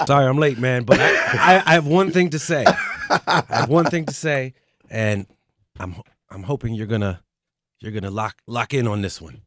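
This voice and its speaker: Male co-host, mid-pitched, dry studio sound, quick with a joke. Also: no room sound. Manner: quick jokey asides. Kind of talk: radio studio banter.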